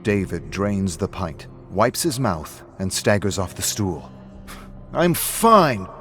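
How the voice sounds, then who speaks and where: A man narrating a story in a steady, matter-of-fact way. His voice sits low. Soft music runs faintly behind him.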